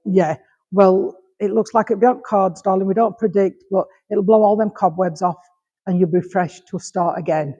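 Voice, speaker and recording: Yorkshire medium doing readings in a village hall, lots of darling and sweetheart, long hall reverb, middle pitch. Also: fairly even intonation, moderate pace, dark tone, muffled recording. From Rotherham, England. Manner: calls people darling and sweetheart, keeps checking with all right. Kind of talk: mediumship demonstration to an audience.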